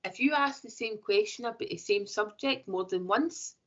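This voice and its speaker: A woman's voice: mid-range voice, normal speed, fairly bright tone. A woman tarot reader talking thoughtfully in a casual interview, often circling back with "you know". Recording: dull lo-fi audio.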